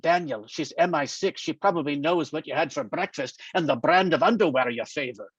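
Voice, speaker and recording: A man reading a novel aloud and voicing a dry, teasing older man with a gruff, droll manner. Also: a little high, fairly quick, no echo. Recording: dull, muffled dry sound.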